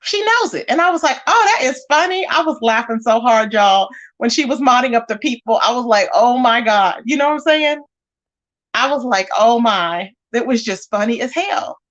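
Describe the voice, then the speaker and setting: A woman's voice: a little high, moderate pace, lo-fi sound. A woman hosting a livestream, reading chat comments and calling people out in casual commentary. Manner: animated, talks straight to chat and calls people out. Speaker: livestream host.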